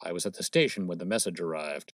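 A man voicing a stout, blustering police detective with a husky, wheezing voice and a pompous manner, read as a storybook. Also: low voice, quick pace, dry recording, clean studio sound. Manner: pompous, brash, self-satisfied. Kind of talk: storybook reading.

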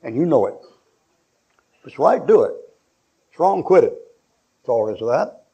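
A man's voice: medium pitch, big pitch swings, normal speed, warm tone, breathy edge, muffled recording. A man preaching a sermon in a church, blunt and mocking, joking with his congregation. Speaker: pastor.

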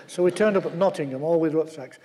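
An older man from England, telling a halting, chuckling anecdote on stage at a memorial event. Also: on the high side, warm tone. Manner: chuckling, halting, full of fillers. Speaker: mountaineer speaker at memorial event. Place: large lecture hall. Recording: hall with long reverb.

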